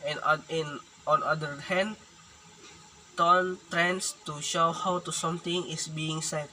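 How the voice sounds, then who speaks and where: A young man from Indonesia reads out a presentation in a careful, halting way, slowing down for example words. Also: a little high, bright, forceful tone, low-quality recording. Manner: careful, halting reading with restarts and slow demonstrated words. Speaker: student presenter. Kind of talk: read academic presentation. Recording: room with audible background noise.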